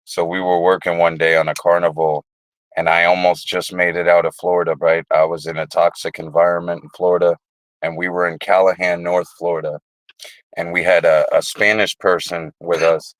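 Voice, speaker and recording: A man's voice: low-pitched, little pitch movement, normal speed, no echo, rough recording. A man hosting a casual livestream, telling rambling, profane stories. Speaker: livestream host.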